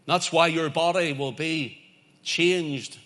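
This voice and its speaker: A man's voice: fairly high pitch, steady tone, slow, fairly bright tone. A man preaching a sermon, emphatic and repetitive, building his points in lists.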